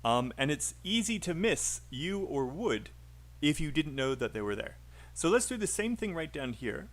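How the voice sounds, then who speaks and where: A man's voice: fairly high pitch, sing-song, normal speed. A man teaching English pronunciation on a live stream, chatty and encouraging, calling out names from the chat.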